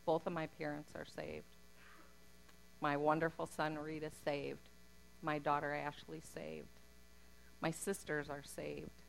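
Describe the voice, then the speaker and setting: A woman's voice: sits low, monotone, slow pace, creaky, pauses often, slight background noise, rough recording. A middle-aged woman telling her personal faith testimony in an earnest, heartfelt way. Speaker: speaker giving a testimony.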